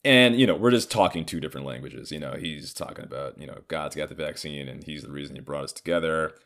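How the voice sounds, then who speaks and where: A man's voice: rumbling low, fast talker. A man in his thirties telling a personal story in a casual, profane, filler-heavy way. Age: 30s. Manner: profane, animated, frequent fillers.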